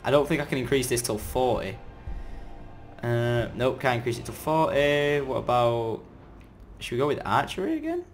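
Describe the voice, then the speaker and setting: A man giving chatty, excitable commentary as he plays a game, breaking into sudden loud outbursts. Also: mid-range voice, moderate pace, soft background music. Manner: chatty running self-talk while playing. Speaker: gaming video creator. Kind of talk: let's-play gameplay commentary.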